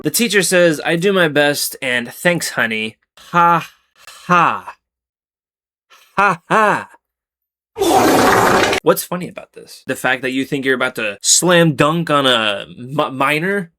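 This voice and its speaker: A man's voice: on the high side, expressive, normal speed, hardly any pauses, bright, forceful tone. A man reading out Reddit posts and breaking in with sarcastic, exasperated commentary in a casual chat style. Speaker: Reddit story narrator.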